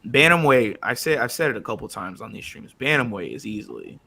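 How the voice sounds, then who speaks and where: A man co-hosting a casual fight watch-along stream, excitable and shouting at big moments. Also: medium pitch, fairly quick, vocal fry, slight background noise. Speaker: podcast co-host.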